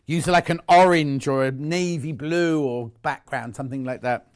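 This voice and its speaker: Man, shopping channel presenter, chatty, enthusiastic, self-mocking, fairly high-pitched. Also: moderate pace, smooth. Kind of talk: live home shopping presentation.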